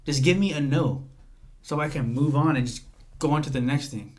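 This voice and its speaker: A man's voice: a little high, moderate pace, darkish tone. An eighteen-year-old man, a podcast guest, talking casually and rambling as he acts out his text exchanges. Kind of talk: casual chat.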